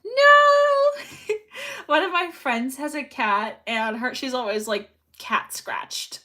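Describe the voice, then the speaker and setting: A young woman streams live and chats casually, rambling along and reading messages aloud. Her voice is bright and clear, set a little high, and it swings widely up and down. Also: animated, a little slow. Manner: chatty, rambling, reads chat messages aloud. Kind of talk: casual chat while sewing on a livestream.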